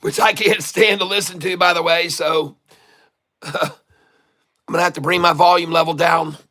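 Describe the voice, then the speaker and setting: A man hosting a live day-trading stream, hoarse from long hours of talking, who coaches viewers in a folksy way, repeats his instructions and keeps calling them folks. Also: fairly high pitch, fairly even intonation, normal speed, sharp tone. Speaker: day-trading livestream host. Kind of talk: live trading commentary to chat.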